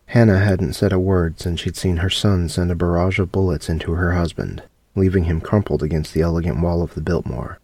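A man narrating a dark horror story in a steady audiobook reading. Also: low voice, brisk, slightly rough, dry recording.

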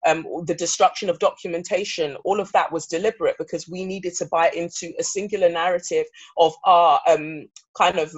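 A guest in their thirties from England, speaking earnestly and reflectively in an interview, often restarting sentences. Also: mid-range voice. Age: 30s. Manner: earnest, searching, with frequent restarts. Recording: slightly dull recording.

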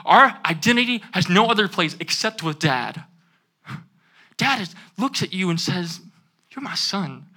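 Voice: mid-range voice, lively intonation, moderate pace, sharp tone. A young adult student giving an earnest sermon, repeating key phrases and asking the audience to say them back. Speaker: student speaker.

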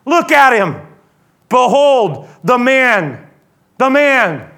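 A preacher acting as an exasperated Roman governor. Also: male voice, very high-pitched, sing-song, very slow, sharp tone, voice pushed up, full character voice. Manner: pleading, exasperated declaring. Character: frustrated Roman governor, man, pressured and exasperated.

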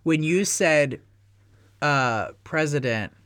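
A man rambling in a loose podcast chat, swearing freely and laughing as he talks. His voice sits fairly high and swings up and down a lot. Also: lively intonation, slow, background noise.

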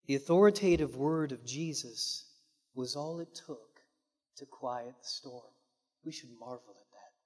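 A man preaching a sermon as pastor, dramatic and swinging from loud emphasis to hushed, quiet phrases. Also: medium pitch, a little slow, long reverb tail.

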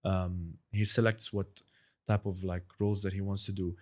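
A man's voice: deep voice, little pitch movement, moderate pace. Rambling man chatting as a guest. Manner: rambling and searching for words. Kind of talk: casual interview chat.

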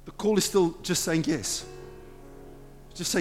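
A man preaching a sermon as a pastor, impassioned, swinging between loud urging and hushed, intimate talk in a church sanctuary. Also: high voice, unhurried, long pauses. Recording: long hall reverb with faint music.

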